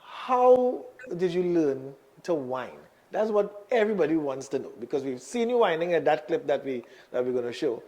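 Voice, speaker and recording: A man's voice: on the high side, big pitch swings, normal speed, hardly any pauses, mellow, highs cut off. A man from Trinidad, hosting an interview and often repeating words as he restarts. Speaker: talk show host. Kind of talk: casual interview.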